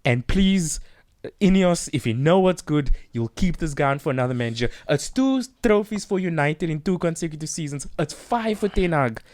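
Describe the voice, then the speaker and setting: A man co-hosting a casual football podcast, excitable and teasing, often repeating himself. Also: a little high, moderate pace, no room sound. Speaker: podcast co-host.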